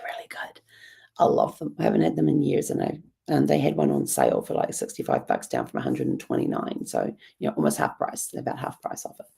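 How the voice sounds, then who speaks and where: A woman with a hoarse, croaky voice who coughs now and then, hosting a casual daily journaling vlog in a rambling, chatty way. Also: rumbling low, dark tone. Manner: rambling, chatty, many ums. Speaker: host.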